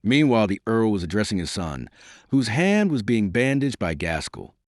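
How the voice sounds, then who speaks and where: Male audiobook narrator, low voice that swings widely, dry close sound, theatrical read. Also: normal speed, no echo. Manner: expressive, theatrical reading. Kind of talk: scripted narration.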